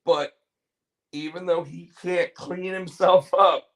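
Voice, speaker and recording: Man co-host, casual chat, slightly high voice, slow delivery with repeated words. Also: fairly even intonation, a bit bright. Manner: rambling, repeats words and restarts. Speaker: podcast co-host.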